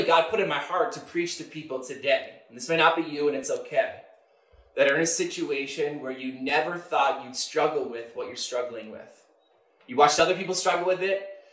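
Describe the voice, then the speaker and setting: A man in his thirties preaching a sermon as pastor, emphatic, swinging between loud mock-confident declarations and soft, low confessions. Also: echoey room.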